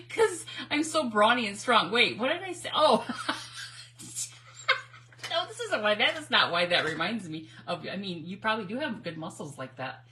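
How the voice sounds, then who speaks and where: Bright-voiced chatty woman crafting live. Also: medium pitch, sing-song, moderate pace, a little hiss or hum, low-quality recording. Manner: chatty and rambling, often laughing; greets viewers by name. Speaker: crafting livestream host. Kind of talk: casual chat while crafting live.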